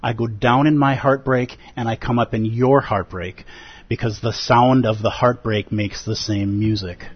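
A man, a Buddhist teacher, giving an earnest and expressive dharma talk at a retreat, acting out feelings with gasps and pauses. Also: medium pitch, husky. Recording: dull lo-fi recording.

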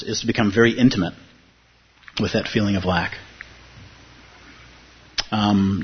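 A man with a lowish, slightly rough voice gives a conversational dharma talk on meditation to a room of live listeners. The sound is lo-fi, and he repeats key phrases and poses rhetorical questions.

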